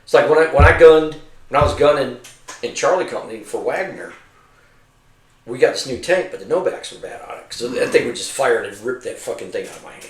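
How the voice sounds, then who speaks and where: A middle-aged man, a retired army veteran, spins rambling, profanity-laced war stories. He imitates the men he served with as he tells them. His voice sits at an ordinary pitch, and it sounds roomy and a bit distant from the microphone. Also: a little fast. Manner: profane, animated storyteller acting out his comrades' voices. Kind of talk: casual storytelling over drinks.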